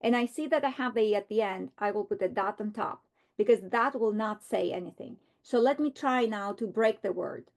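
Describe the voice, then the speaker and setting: A woman teaching a reading lesson, modeling words slowly and deliberately. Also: mid-range voice, darkish tone. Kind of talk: instructional lesson.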